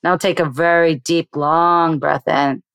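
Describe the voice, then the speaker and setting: Speaking low and steady, with a slightly bright, clean tone, this female meditation teacher first talks about meditation in an interview. She then guides a slow breathing exercise soothingly, and there's no echo on the recording.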